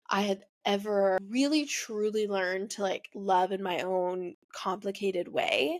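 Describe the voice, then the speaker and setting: A young woman hosting her own podcast, confiding a painful personal story. She rambles and circles back, dropping "like" and "you know" constantly. Her voice sits at an everyday middle pitch. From United States. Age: young adult. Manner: rambling, heavy use of "like", emotional confessional. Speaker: podcast host.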